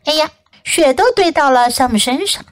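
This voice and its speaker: A woman English teacher reading a children's story aloud in an expressive, clearly enunciated voice. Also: high-pitched, normal speed.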